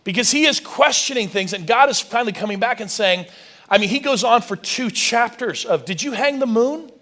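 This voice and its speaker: Pastor, high-voiced man, animated sermon with lots of restarts; rises loud and high for emphasis. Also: a little fast. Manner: animated preaching, many restarts, reads scripture aloud; gets loud and high when stressing a point.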